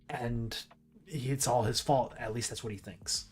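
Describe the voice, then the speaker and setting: A man's voice: medium pitch, steady tone, unhurried, faint music behind. A man streaming casual commentary while ranking movies, rambling with restarts and asides.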